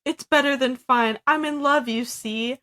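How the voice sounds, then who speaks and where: A woman's voice: high-pitched, measured pace, sharp tone, voice pushed up. A woman quoting a young woman who is newly in love and gushing about it. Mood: giddy. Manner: gushing, breathless with joy.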